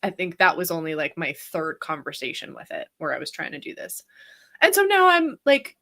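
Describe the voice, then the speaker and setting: Bright-voiced woman, casual storyteller, lively with frequent laughs and fillers. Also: fairly low pitch, moderate pace. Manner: animated, laughing often, many fillers.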